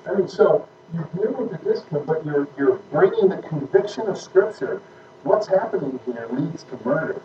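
A man's voice: a little high, animated, normal speed. A man teaching a church class on parenting, emphatic and conversational, often checking that his listeners follow. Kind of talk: informal teaching talk with questions. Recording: echoey room, distant mic, muffled, noisy.

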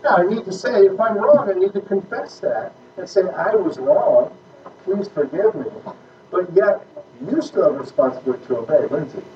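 A man's voice: high voice, animated, fast talker. A man teaching a church class on parenting, emphatic and conversational, often checking that his listeners follow. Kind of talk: informal teaching talk with questions. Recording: echoey room, distant mic, muffled, noisy.

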